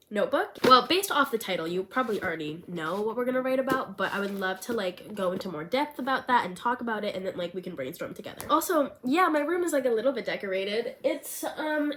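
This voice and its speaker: A woman's voice: medium pitch, a bit bright, slight background noise. A young woman with a nasal, stuffed-up voice from a cold, chatting casually to camera as a vlogger from her small bedroom. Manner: bubbly, chatty, rambling. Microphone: pen-style handheld mic.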